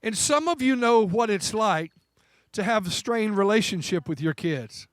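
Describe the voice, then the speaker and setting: A man's voice: high-pitched, expressive, normal speed, no echo. A man preaching a folksy, emphatic sermon in church, repeating key phrases for stress. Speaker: pastor. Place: church sanctuary.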